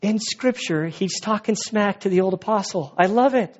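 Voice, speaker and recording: A man's voice: high-pitched, normal speed, dull audio. A man preaching a sermon, retelling scripture casually and playfully, acting out lines of dialogue. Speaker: pastor.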